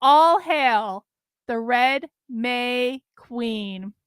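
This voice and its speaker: A woman's voice: on the high side, expressive, drawn-out words, fairly bright tone, smooth, dry recording, exaggerated voice. A woman voicing a fervent cult chanting in unison, in a comic fan story read aloud.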